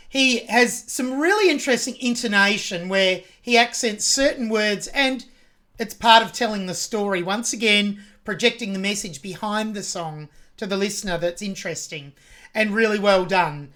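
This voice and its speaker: An Australian woman reacting to a song, pausing the track to pick apart phrasing and vocal technique in detail. Her delivery is steady and mid-pitched, analytical but openly admiring. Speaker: music reaction host.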